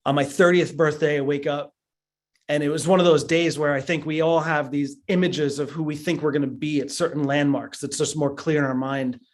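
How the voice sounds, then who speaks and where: A man's voice: a little high, steady tone, brisk. A man in his thirties giving an earnest motivational talk as a business trainer, telling his story with frequent stammered restarts.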